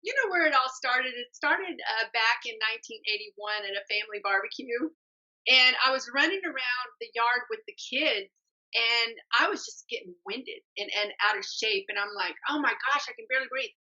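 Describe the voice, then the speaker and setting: A woman's voice: on the high side, normal speed, sharp tone. A woman, a personal trainer telling her story animatedly as a podcast guest and acting out the voices she quotes. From Texas. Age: 60s. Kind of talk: storytelling in an interview. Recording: dull lo-fi remote audio.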